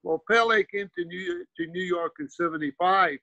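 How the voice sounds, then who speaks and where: A man's voice: sits high, normal speed, pushed and bright, no room sound, highs cut off. A Scottish man in his seventies, a former player and coach, telling rambling anecdotes in a casual interview. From Scotland. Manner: rambling anecdotes with frequent restarts and "you know".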